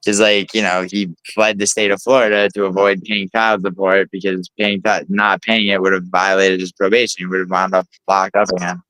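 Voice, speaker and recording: A low, smooth-voiced man with a nasal American sound and a Bronx accent he keeps in check. He rambles through casual chat, leaning on "like" and "you know" and swearing freely. The recording is dry and close. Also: flat delivery, brisk, few pauses, fairly bright tone, no echo, poor audio. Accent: American with a hidden Bronx accent. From Sicily, raised in the Bronx. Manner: rambling, lots of fillers, swearing.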